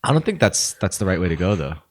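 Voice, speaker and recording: A man with a deep, low voice co-hosts a podcast in loose, casual chat. He rambles and trails off mid-thought, breaking into laughter often. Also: sing-song, fast. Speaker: podcast co-host.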